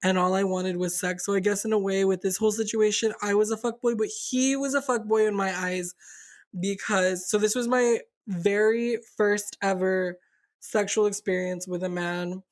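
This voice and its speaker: A woman's voice: medium pitch, fairly even intonation, moderate pace. A young adult woman co-hosting a podcast, telling a candid story in casual chat, rambling and swearing with lots of fillers. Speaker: podcast co-host.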